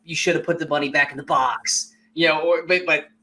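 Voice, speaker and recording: Bright, excitable male movie fan. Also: fairly high pitch, fairly quick. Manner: enthusiastic, laughs often, quotes lines in bursts. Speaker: podcast co-host. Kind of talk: casual movie chat.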